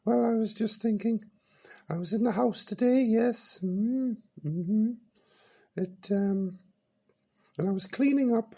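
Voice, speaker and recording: A man's voice: high-pitched, slow pace, creaky, pauses often, warm tone, slightly rough, pitched above the performer's own voice, exaggerated voice. A man voicing a giddy, grand older woman on a comic radio show, giggling and swooping between "oh, yes" and "no, no". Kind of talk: comic radio character bit.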